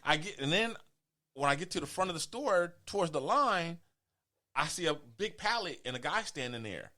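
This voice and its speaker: A man hosting a podcast, telling a story in casual chat and acting out the quotes with lively pitch jumps. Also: moderate pace. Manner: animated, acts out quotes with rising pitch. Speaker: podcast host.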